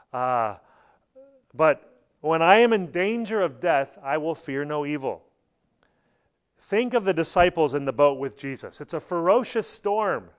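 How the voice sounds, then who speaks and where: A middle-aged pastor preaches to his church in a voice a little on the high side. He tells his stories with animation, occasionally bursting out loud and high as he acts out a quote.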